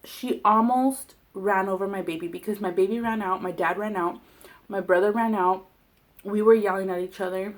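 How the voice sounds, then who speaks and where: A woman's voice: medium pitch, fairly even intonation, normal speed. Brief: woman, 20s, casual vlogger, profane and heated storyteller. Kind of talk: casual storytelling while eating.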